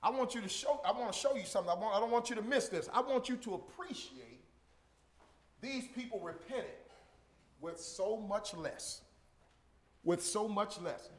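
A man preaching a sermon, emphatic and repetitive, swinging from shouted lines to quiet murmurs. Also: sits high, lively intonation, brisk.

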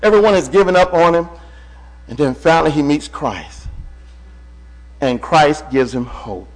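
With a voice a little on the high side, this preacher is animated yet measured in pace. He shifts from shouts to hushed tones, and he hails the congregation as brother.

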